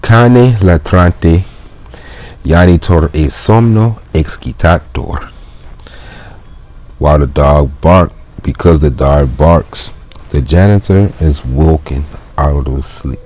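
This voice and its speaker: A man's voice: very deep voice, takes it slowly, dark tone, a little hiss or hum. A man reading a Latin textbook aloud and translating it in a casual, slangy way, breaking off with laughs and asides. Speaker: Latin teacher.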